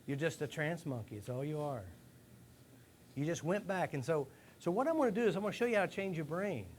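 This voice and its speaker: A man giving a lively live talk to a rehab group, asking the room questions and acting out stories. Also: on the high side, fairly quick, slight background noise. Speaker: speaker addressing a rehab group. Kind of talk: live motivational talk to an audience.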